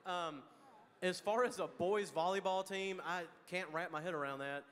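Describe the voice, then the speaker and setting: Texan man, slightly high voice, folksy and joking, reverberant chapel hall. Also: normal speed, a bit bright. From Texas. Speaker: guest answering student questions. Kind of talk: casual chapel Q&A.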